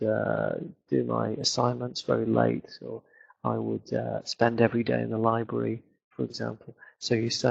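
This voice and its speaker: An English teacher from England with a Northern English accent answers viewer questions in a webinar Q&A lesson. His medium-pitched voice is gravelly and slightly rough, he explains with many fillers, and the recording sounds muffled.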